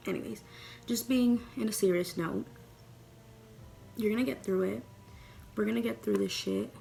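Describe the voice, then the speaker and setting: A woman's voice: medium pitch, vocal fry, darkish tone, slight background noise. A young woman vlogging at home, chatting casually and rambling with lots of cursing while doing her makeup. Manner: chatty, profane, rambling and playful.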